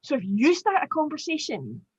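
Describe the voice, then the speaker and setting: A Glaswegian woman in her forties, a guest telling animated stories in a casual chat with lots of fillers. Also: high-pitched, moderate pace, dry recording, dull audio. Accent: Glaswegian Scottish. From Glasgow, Scotland. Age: 40s. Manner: animated storyteller, chatty with many fillers.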